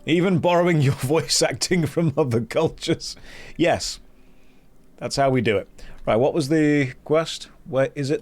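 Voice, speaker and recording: A man's voice: fairly high pitch, unhurried, a little mellow. Joking British man streaming a game. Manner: joking, rambling. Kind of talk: casual gameplay chat.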